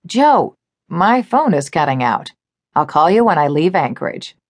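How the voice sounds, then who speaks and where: A woman's voice: low voice, big pitch swings, a little slow, no room sound, heavily acted. A woman narrator voicing a harried male businessman with a wry, exasperated manner.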